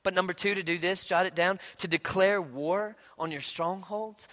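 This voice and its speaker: A man in his thirties preaching a sermon as pastor, moving from hushed storytelling to loud, emphatic declarations. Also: sits high, steady tone, moderate pace, hardly any pauses.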